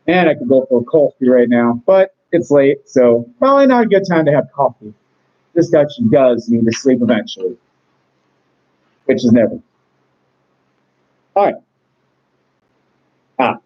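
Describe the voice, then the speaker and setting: A man's voice: high voice, mellow, highs cut off. A man casually reading out trivia questions and answers, rambling with chatty, self-deprecating asides. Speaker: trivia host. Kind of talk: casual chat.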